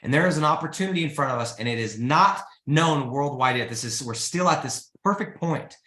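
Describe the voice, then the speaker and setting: Man, host, bright forceful voice, energetic and pleading, echoey room. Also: mid-range voice, brisk. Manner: energetic, pleading, says "guys" and "freaking" often. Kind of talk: motivational live-stream talk.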